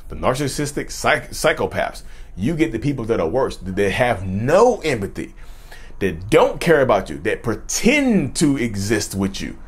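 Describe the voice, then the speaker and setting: A man talks straight to his viewers in a casual, unscripted way, often circling back and repeating himself as he builds his point. His pitch swings widely, rising and dropping with emphasis. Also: breathy edge. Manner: animated, repeats and restarts phrases, addresses viewers directly. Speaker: mental health commentator. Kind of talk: casual talk to camera.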